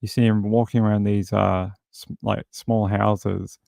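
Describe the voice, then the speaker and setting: A man's voice: on the low side, flat delivery, unhurried, creaky, a little mellow, dry recording, clean studio sound. A man hosting a true crime show, commenting casually and wryly on news clips and mimicking the people in them. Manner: rambling, wry, mimics people in silly voices.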